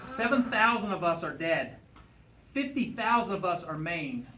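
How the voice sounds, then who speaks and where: A man's voice: sits high, a bit bright, slight background noise. A man speaking as a guest speaker at a veterans event, telling a story and then speaking earnestly. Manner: earnest, folksy. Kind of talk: public speech with storytelling. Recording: echoey room with faint ambience.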